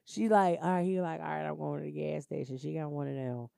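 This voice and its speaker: Woman, gravelly voice, casual chat, profane storytelling, dry close sound. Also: deep voice, steady tone, fast, mellow, no echo.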